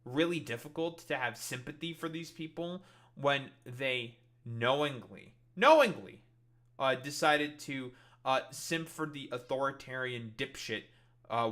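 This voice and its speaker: A man ranting on a live stream in loose reaction commentary, swearing often and mocking others. His voice is bright and forceful, and his pitch sits in a middle range. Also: moderate pace.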